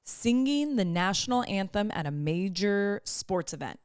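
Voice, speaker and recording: A woman co-hosting a podcast, telling stories in a lively, laughing way and acting out dialogue. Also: medium pitch, a little slow, clean tone, dry recording. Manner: animated storytelling, frequent laughs and quoted dialogue. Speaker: podcast co-host. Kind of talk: casual chat.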